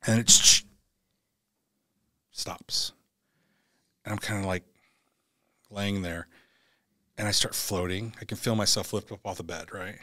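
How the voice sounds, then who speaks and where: Bright-voiced man telling a wild story. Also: fairly low pitch, expressive, measured pace, long pauses, no room sound, studio quality. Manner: profane, vivid, acts out voices. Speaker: podcast guest. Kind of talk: animated storytelling.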